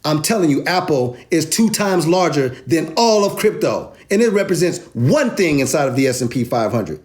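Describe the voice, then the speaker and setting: A man's voice: on the high side, moderate pace, few pauses. A man hosting a crypto video, giving emphatic, slangy market commentary. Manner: animated, emphatic, streetwise slang.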